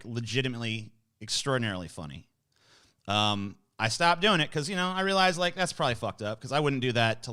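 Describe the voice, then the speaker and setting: A man's voice: medium pitch, sharp tone. A young man hosting a casual interview, asking provocative questions in a joking, profane way. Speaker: host.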